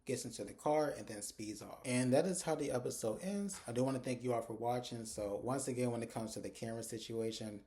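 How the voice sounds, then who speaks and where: Guy doing a fast phone-recorded episode recap, low mellow voice, quotes the characters as he goes. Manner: retells scenes, acting out characters' lines in quick quotes. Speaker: TV episode reviewer. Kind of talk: casual recap. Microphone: phone camera.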